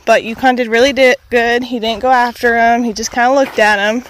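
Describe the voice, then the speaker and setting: A woman's voice: fairly high pitch, little pitch movement, a little fast. A woman vlogging casually on an outdoor trail, chatting and talking to her dog as she walks. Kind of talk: casual walking vlog.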